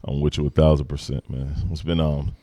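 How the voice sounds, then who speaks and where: A man hosting a casual podcast chat, animated and quick to laugh, repeating phrases for emphasis. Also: a bass voice, dry recording. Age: adult parent. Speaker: podcast host.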